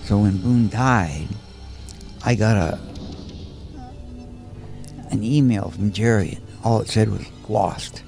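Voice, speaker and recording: A man's voice: on the low side, slow, gravelly, long pauses, a little mellow. A man talking earnestly and casually about animals he trained, with faint film music behind. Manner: earnest storytelling. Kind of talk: casual commentary chat.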